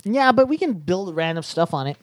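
A woman's voice: fairly low pitch, big pitch swings, fairly quick, no echo. A woman hosting a casual podcast from a headset mic, rambling with lots of fillers and restarts. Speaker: podcast host.

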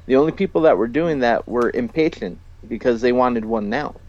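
A man's voice: mid-range voice, moderate pace, darkish tone. A man chatting casually as a podcast co-host, insistently arguing his point. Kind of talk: casual chat. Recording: dry, dull lo-fi mic.

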